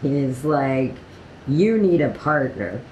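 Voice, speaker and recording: A woman casually telling a personal story, quoting others with animated voices and laughing often, with many "like" fillers. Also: rumbling low, takes it slowly, reverberant, slight background noise, low-quality recording. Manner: animated retelling with quoted dialogue and laughter; frequent "like" fillers.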